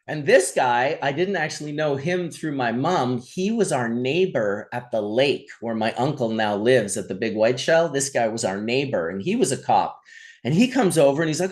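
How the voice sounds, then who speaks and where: A middle-aged man hosts a relaxed chat and spins long, animated anecdotes with plenty of swearing. His voice sits at an ordinary middle pitch. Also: normal speed. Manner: animated storyteller, swears freely. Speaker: podcast host. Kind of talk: casual storytelling chat.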